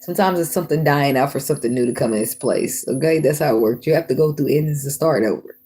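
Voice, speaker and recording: A woman with a husky, breathy voice talks through a tarot reading in a loose, casual way. She is blunt and swears freely, laughing between her points. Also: low voice, quick pace, mellow. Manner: blunt, profane and laughing often. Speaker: tarot reader.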